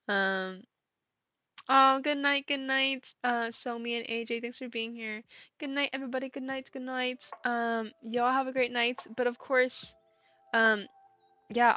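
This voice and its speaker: A woman's voice: fairly high pitch, a bit bright. A young woman livestreaming, chatting casually and telling a story with many fillers and restarts. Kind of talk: casual chat. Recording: dull lo-fi stream audio with faint music.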